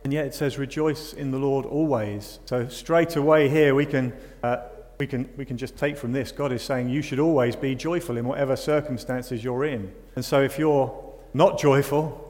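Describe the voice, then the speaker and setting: A man preaching a sermon in a conversational way, often asking his listeners rhetorical questions. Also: medium pitch. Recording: long reverb of a hall.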